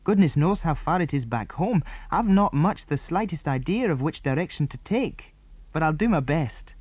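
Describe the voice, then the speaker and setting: A steady boy who takes charge of the others, as a man reads him. He speaks firmly and decisively in a mellow, slightly raised voice. The sound is dry and close. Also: a little high, normal speed, breathy edge, no echo, pitched above the performer's own voice. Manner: firm and decisive. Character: steady older boy, responsible leader.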